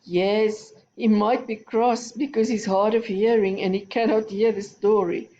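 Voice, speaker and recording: A woman's voice: mid-range voice, steady tone, a little slow, mellow, muffled recording, slight background noise. A woman teaching a recorded phonics lesson to young children, giving patient, step-by-step instructions. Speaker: primary school teacher.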